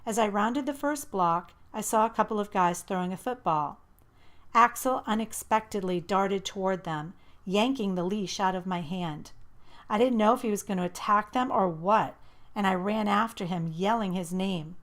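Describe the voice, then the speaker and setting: A woman narrating a first-person audiobook in a lively, expressive way. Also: medium pitch, normal speed.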